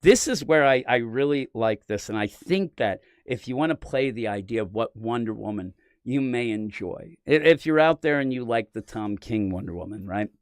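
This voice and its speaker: A man's voice: medium pitch, expressive, normal speed, few pauses, clear, resonant tone, no room sound, studio quality. Rambling enthusiastic man reviewing comics. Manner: rambling, enthusiastic, lots of fillers. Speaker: comic book podcast host. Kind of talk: casual comic review chat.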